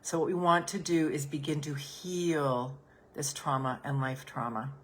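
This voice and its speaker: A woman with a low, deep voice guides listeners through a calm healing exercise as a business coach. She speaks soothingly and gently, repeating her phrases softly. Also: a little slow, a little hiss or hum. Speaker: business coach and podcast host.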